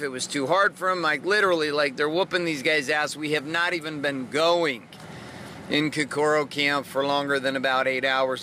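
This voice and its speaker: A man's voice: on the high side, pushed and bright, a little hiss or hum. A man in his thirties hosting a motivational podcast, talking bluntly and energetically with plenty of swearing. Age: 30s. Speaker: podcast host, coach. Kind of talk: motivational monologue.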